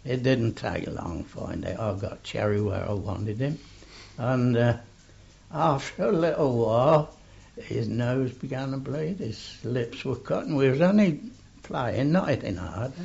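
An older man slowly telling an oral history story, full of fillers and a gravelly voice. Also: mid-range voice, lively intonation, a little mellow. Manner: slow rambling storytelling with many fillers. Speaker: interviewee. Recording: dull lo-fi tape recording.

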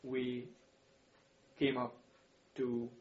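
Speaking very slowly with a completely flat delivery at medium pitch, an older man shares war stories in an interview. He chuckles at times and repeats words as memories return, and the recording is echoey and slightly dull.

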